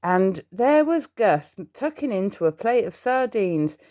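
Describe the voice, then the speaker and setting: A woman's voice: mid-range voice, very animated, measured pace, warm tone. A woman reading a children's storybook aloud, adding little asides to the listener.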